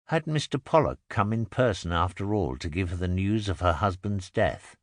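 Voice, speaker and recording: A man narrates an audiobook in a low voice that rises and falls with the story. His pacing stays measured and expressive. The recording is close and dry, from a booth. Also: dry recording. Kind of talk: scripted narration. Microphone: close studio mic.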